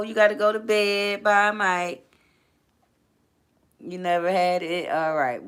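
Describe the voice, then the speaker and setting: A woman hosting a casual live stream, chatting as she reads viewer comments and laughing often. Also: clear, resonant tone. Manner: chatty and animated, laughs often, quick pitch jumps. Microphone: laptop.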